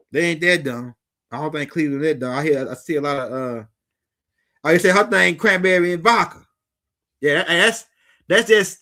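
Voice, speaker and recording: Middle-aged male streamer, high and bright, loose slangy rambling to viewers. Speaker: livestream host. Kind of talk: casual livestream talk.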